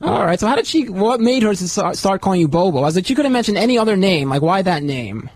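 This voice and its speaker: A man with a notably high voice and a very quick pace hosts a call-in radio show. He presses the same questions again and again, barely pausing between them. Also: expressive, no room sound. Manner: rapid, repetitive questioning.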